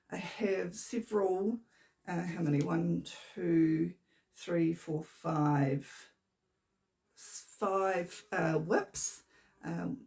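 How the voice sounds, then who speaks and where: A woman's voice: on the low side, gravelly, a little mellow. A woman, hosting a knitting podcast from home in a chatty, rambling way, her voice a little shaky. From New Zealand. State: slightly shaky voice. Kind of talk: casual chat. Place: home room. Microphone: camera on a tripod.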